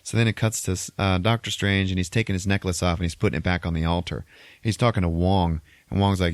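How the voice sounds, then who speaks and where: A man hosting a podcast, recapping a movie in a casual, animated way, swearing freely and laughing often. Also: low voice, quick pace, no echo. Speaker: podcast host.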